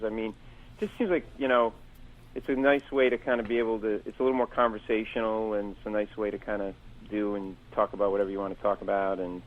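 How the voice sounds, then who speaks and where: A man's voice: fairly low pitch, phone-quality sound. A middle-aged man, a comedian, telling a story on a podcast, acting out both sides of an argument and rambling with fillers and restarts. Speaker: comedian guest.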